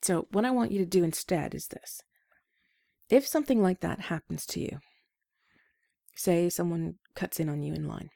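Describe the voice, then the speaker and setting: Female host, advice talk, low and gravelly, mellow tone, gentle self-deprecating delivery. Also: moderate pace, no room sound, clean studio sound.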